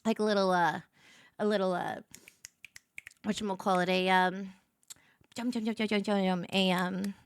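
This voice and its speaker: A woman's voice: mid-range voice, steady tone, normal speed, long pauses. A young woman streamer chatting casually on a livestream, telling stories animatedly and greeting viewers by name.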